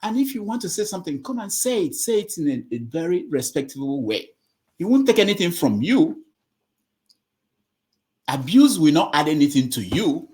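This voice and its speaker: A man's voice: on the high side, sing-song, moderate pace, a little mellow. A man hosting an online call-in forum, scolding callers in an exasperated, moralizing way. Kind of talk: lecturing call-in talk.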